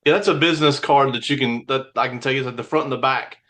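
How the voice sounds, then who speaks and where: A man's voice: medium pitch, fast, bright, forceful tone. Casual man explaining an idea on a call. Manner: casual, loose, with fillers and self-corrections. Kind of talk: casual chat on a video call. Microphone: video call.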